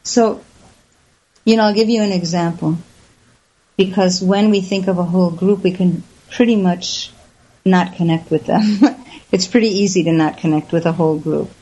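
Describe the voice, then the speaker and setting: A woman guest telling stories in an interview, lively, and she acts out the voices of the people she quotes. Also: lowish voice, normal speed. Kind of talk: storytelling in an interview. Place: lives in the Southwest US. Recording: slightly dull lo-fi audio.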